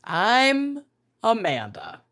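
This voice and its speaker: A woman's voice: fairly high pitch, extremely slow. A woman co-hosting a podcast in casual chat, telling stories with dramatic retellings. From Minnesota. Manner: animated storyteller, dramatic retelling. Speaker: podcast co-host.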